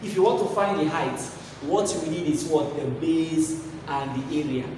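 Heard from a distance in an echoey hall, a man with a slightly high voice teaches maths at a moderate pace. He keeps returning to key phrases and tossing out rhetorical questions, and there is background noise throughout.

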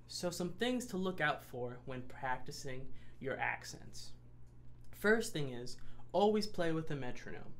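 A young man giving a percussion lesson, explaining calmly and slowing down to stress key points. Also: fairly high pitch, slight background noise. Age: young adult. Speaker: percussion student teacher. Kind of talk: instructional lesson.

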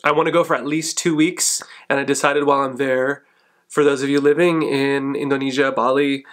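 A man in his thirties casually telling stories to the camera in a chatty, animated way, laughing often. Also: mid-range voice, brisk. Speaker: vlogger. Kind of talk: casual vlog storytelling.

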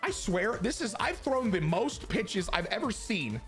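A young man streaming a baseball video game, joking, swearing and shouting at big plays over game music. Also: high-pitched, big pitch swings, measured pace. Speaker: gaming streamer. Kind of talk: excited video game commentary. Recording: game music playing behind.

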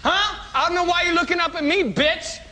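A man playing a crude, loud president who heckles a play, shouting and swearing. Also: extremely high pitch, a little fast, heavily acted. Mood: belligerent. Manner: shouting, profane, taunting. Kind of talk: sketch comedy acting.

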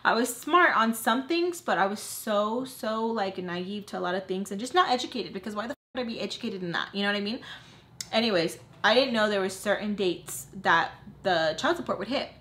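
A woman's voice: mid-range voice, animated, fairly quick, fairly bright tone. Candid swearing woman telling a story. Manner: candid, rambling, swearing, many fillers. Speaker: vlogger. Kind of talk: casual storytime vlog.

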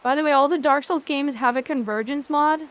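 High-voiced, excitable streamer woman. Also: brisk. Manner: excitable, swears often, talks to chat. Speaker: game streamer. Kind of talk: live gameplay commentary.

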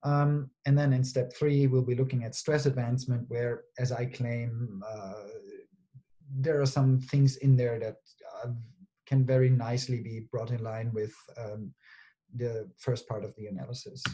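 Male conference presenter, warm low-key tone, methodical lecture delivery, checks in with the audience often. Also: fairly even intonation. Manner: explains step by step with frequent tag questions like "right?"; hesitant, with frequent pauses and fillers.

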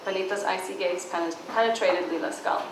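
A woman's voice: medium pitch, steady tone, gravelly. A woman reading aloud from her own novel at a book launch, giving the dialogue some emphasis. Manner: reads dialogue with emphasis, casual and halting when answering. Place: bookstore event space. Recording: echoey room, far from mic, background noise.

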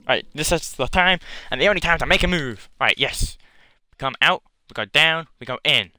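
A man streaming a video game live, jokingly pleading with the monster, swinging from loud exclamations to hushed mutters. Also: on the high side, lively intonation, normal speed. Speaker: gaming streamer.

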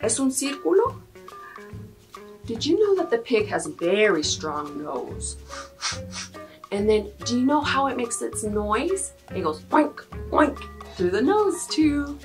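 A woman's voice: a little high, sing-song, unhurried, pauses often, faint music behind. A woman in her thirties leading a toddler circle-time lesson, switching between English and Spanish and making playful animal sounds. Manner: sing-song, exaggerated animal sounds and sneezes. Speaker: preschool teacher.

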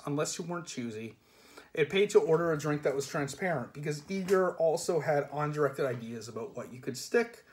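Man reading a novel aloud. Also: a little high. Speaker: reader.

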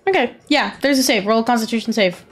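A woman's voice: on the high side, a little hiss or hum. Casual woman running a tabletop game. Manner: casual, rules-focused, quick asides. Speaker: game master.

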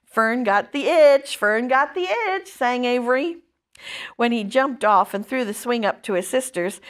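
A woman storyteller reading a children's book aloud in an expressive, lively way. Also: on the high side.

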